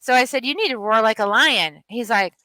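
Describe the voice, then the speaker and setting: A middle-aged woman healer speaks in a bright, high voice. Her delivery is emphatic and impassioned. The sound is dry and close, with no room echo. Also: brisk. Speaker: guest, healer and author. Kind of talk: passionate interview storytelling.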